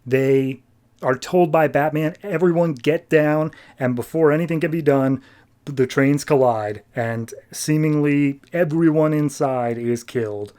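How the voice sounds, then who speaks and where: A man's voice: mid-range voice, darkish tone. A man hosting a podcast, casually recapping a comic story and loosely acting out the characters' lines. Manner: retells scenes quickly, acting out quotes loosely. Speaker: podcast host.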